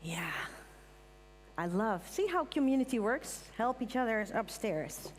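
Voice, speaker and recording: A woman's voice: a little high, a little slow. Woman hosting live in a reverberant hall. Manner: lively, thanks crew and calls for applause. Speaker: event host. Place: large event hall with audience. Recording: hall reverb, audience, faint hum.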